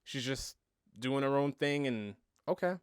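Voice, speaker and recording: A man co-hosting a casual review podcast, talking haltingly with many fillers and trailing off. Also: medium pitch, animated, clean tone, dry recording, clean studio sound. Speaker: podcast co-host.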